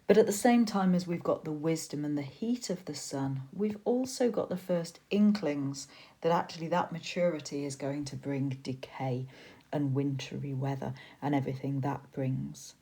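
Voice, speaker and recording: A woman with a low, mellow voice gives a recorded literature lesson. She explains patiently and thinks aloud, pausing with fillers and restarting her sentences as she goes. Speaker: teacher. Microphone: tablet voice-over recording.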